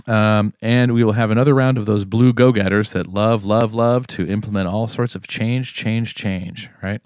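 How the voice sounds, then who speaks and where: A tipsy man co-hosting a podcast and reading out a wry, sardonic commentary segment, clearing his throat now and then. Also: lowish voice, fairly even intonation, a little slow, darkish tone. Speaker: podcast co-host. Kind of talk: casual chat and read-aloud commentary segment.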